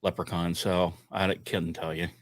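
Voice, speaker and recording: A man's voice: low voice, level tone, normal speed, no room sound. A man on a casual panel show, joking and hesitant, trailing off mid-thought.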